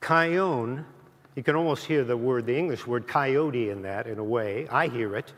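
A man preaching a sermon as pastor, slow and emphatic, with a lively, expressive delivery. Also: medium pitch. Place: church. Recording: church hall with long reverb.

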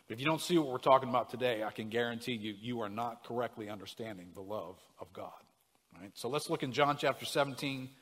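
A man's voice: medium pitch, fairly bright tone, long reverb tail. A man preaching a sermon, leaning hard on single words and putting questions to the congregation. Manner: emphatic, stresses single words, asks the room questions. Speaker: pastor.

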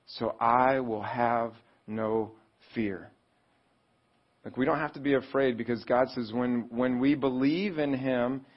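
A man's voice: slightly rough, lo-fi sound. A male pastor preaching a sermon in a conversational way, asking the congregation questions and acting out pleading voices. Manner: conversational, asks the audience questions; acts out pleading voices with rising pitch.

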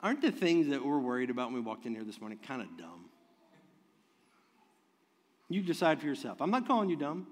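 A man preaching a sermon as pastor, moving from soft, tender talk to loud, fervent preaching, with chuckles along the way. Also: medium pitch, very animated, fairly quick, long pauses. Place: church sanctuary. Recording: long reverb of a large hall.

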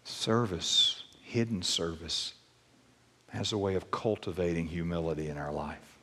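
A man preaching a sermon as pastor, emphatic and animated, repeating key phrases. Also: deep voice, measured pace, big-room sound.

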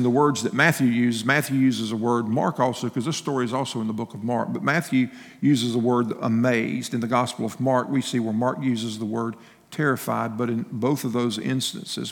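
A man's voice: mid-range voice, creaky, in a large hall. A male pastor giving a sermon in a folksy, conversational way, telling personal stories with restarts and laughing asides.

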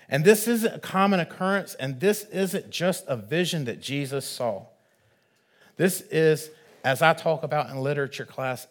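A man preaching a sermon, measured and earnest, swelling louder on key phrases. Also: mid-range voice.

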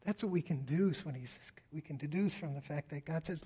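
A man's voice: fairly high pitch, expressive, fast talker, few pauses, mellow, breathy edge. A man preaching a sermon in an earnest way, often voicing a psalmist's pleas in prayer. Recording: reverberant hall.

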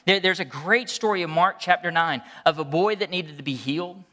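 A man's voice: a little high, a little fast, bright, forceful tone, in a large hall. A man preaching a sermon as pastor, impassioned, often restarting his words.

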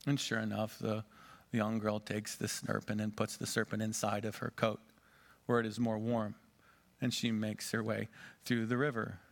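A man's voice: lowish voice, completely flat delivery, moderate pace, creaky. A pastor in his forties preaching a sermon and telling a dramatic story. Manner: dramatic storytelling, varying loudness and pace.

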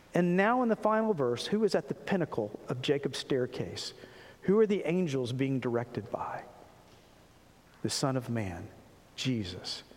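A man with a fairly high voice preaches in earnest, reading scripture and asking his listeners questions. His words trail off into the long reverb of a large hall. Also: a little mellow. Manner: earnest preaching, rhetorical questions, personal testimony. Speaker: pastor.

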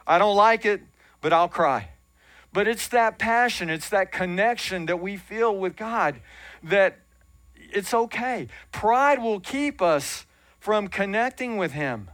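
A pastor delivers a sermon in a church, his voice pitched a little high for a man. He talks in an earnest, conversational way and drops in self-deprecating asides. The sound is close and dry. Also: expressive, slow, a bit bright, no echo. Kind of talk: sermon teaching. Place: church sanctuary.

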